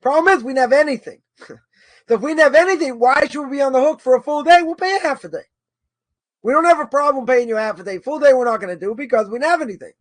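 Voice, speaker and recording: A man with a high voice gives an informal lecture on religious law. He thinks aloud, repeats himself and weighs both sides of a question. The sound is dry and close. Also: quick pace, no echo. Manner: thinking aloud, argues both sides, many repetitions and "right?". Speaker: Torah course teacher.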